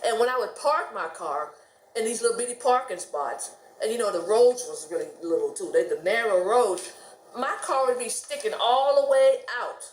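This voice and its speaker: A woman's voice: a little high, normal speed, reverberant, a little hiss or hum. A middle-aged woman from the United States telling stories casually to camera, chatty and laughing often. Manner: chatty, laughs often, animated quoted voices. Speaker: vlogger.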